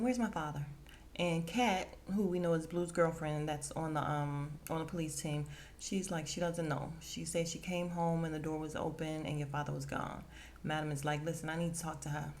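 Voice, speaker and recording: Woman, podcast host, casual tv recap, acts out lines, slightly low voice. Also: moderate pace, slight background noise. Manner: animated storytelling, acting out the characters' lines.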